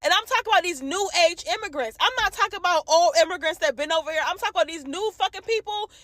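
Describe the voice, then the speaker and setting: Woman, furious profane rant to camera, high-pitched voice. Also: lively intonation, fast, fairly bright tone, no room sound. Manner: heated, profane, repetitive. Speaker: commentator ranting to camera.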